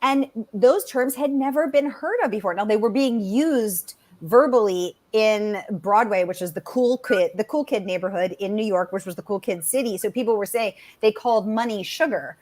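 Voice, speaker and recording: Woman author guest, animated and talkative, average pitch. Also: moderate pace, hardly any pauses. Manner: animated, chatty, many fillers. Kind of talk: conversational interview answers.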